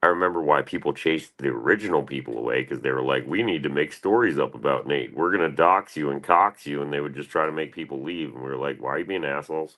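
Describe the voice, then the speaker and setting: A man's voice: extremely low pitch, fast talker, few pauses, fairly bright tone. A man hosting a casual livestream, rambling and swearing as he answers chat. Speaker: livestream host.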